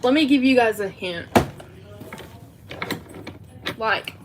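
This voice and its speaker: Teen girl streamer, Southern US accent, fairly high voice, chatty and giggly, faint background hiss. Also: animated, moderate pace. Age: teens. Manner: chatty, giggly, talks to chat. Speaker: livestream host. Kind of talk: casual livestream chat.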